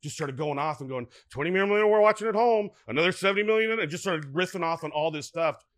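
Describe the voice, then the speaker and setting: A middle-aged man, a guest actor, telling lively anecdotes in casual podcast chat, often acting out what people said. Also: a little high, fast talker, dry recording. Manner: animated, lively anecdotes with frequent restarts and acted-out quotes.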